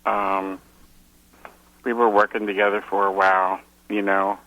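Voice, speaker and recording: A man's voice: on the low side, completely flat delivery, unhurried, bright, forceful tone, poor audio. A man calling into an advice show, answering hesitantly with many ums. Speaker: caller. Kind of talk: call-in phone conversation.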